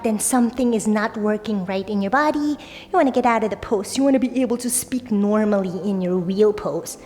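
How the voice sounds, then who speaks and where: A woman's voice: on the high side, normal speed, darkish tone. Upbeat young woman guiding a yoga class. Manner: casual, upbeat, frequent "like" and "right?". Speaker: yoga instructor. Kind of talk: guided yoga class instruction. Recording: long reverb, faint music.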